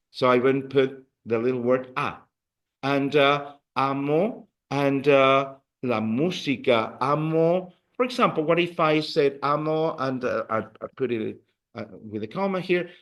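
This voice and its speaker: A man teaching a beginners' Spanish class in a classroom, patiently repeating words for the students to echo. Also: mid-range voice. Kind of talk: classroom language lesson.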